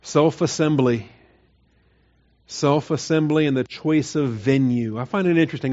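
A man's voice: fairly high pitch, normal speed, a little mellow, dull audio. Man preaching a conversational sermon. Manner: conversational, rising to emphatic mock-quoting. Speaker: pastor. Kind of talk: expository sermon.

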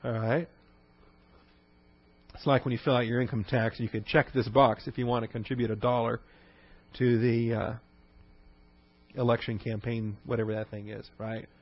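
Medium-pitched and fairly flat, this middle-aged Texan speaks at normal speed but pauses often. He teaches a Bible lesson conversationally, explaining Greek terms with many fillers and "all right?" check-ins, on a dry, slightly dull recording.

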